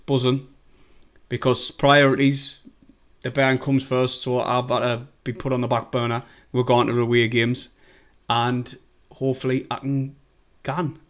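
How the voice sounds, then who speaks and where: A man with a North East English accent chatting casually and rambling through a live stream as a football fan, swearing freely. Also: medium pitch.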